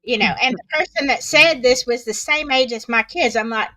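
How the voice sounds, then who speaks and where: Bright, lively Southern woman, middle-aged. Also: on the high side, moderate pace, dry recording. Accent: Southern American. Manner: chatty, expressive, laughs often. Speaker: podcast co-host. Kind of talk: casual podcast chat.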